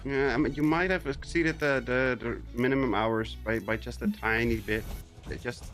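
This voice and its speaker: A man hosting a gaming stream, chatting casually and reacting with quick exclamations while he plays. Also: mid-range voice, fairly even intonation, fairly bright tone.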